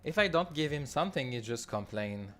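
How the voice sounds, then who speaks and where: A man's voice: mid-range voice, animated, fairly bright tone. Quebec French man thinking aloud. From Quebec, Canada. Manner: halting, thinks aloud with restarts. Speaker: developer leading a builder session. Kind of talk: live coding walkthrough.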